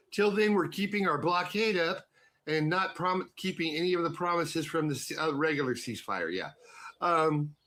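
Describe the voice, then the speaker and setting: Bright mocking guy chatting loosely. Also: a little high. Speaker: online commentator. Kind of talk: casual chat.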